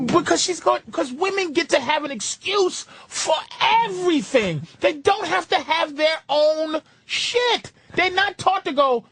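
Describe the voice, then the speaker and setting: A podcast host telling stories in a casual, profane way, acting out what people said. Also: male voice, very high voice, dry recording. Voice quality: animated, acts out quotes.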